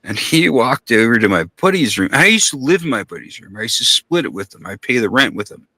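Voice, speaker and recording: A man's voice: mid-range voice, very animated, brisk, bright, forceful tone, no room sound. A man telling a long story in casual podcast talk, rambling and profane, acting out the voices of the people in it.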